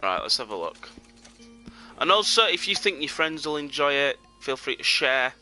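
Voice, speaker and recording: A man's voice: a little high, very animated, moderate pace, sharp tone, faint music behind. A young British man chatting casually and joking with viewers while he plays a game on a live stream.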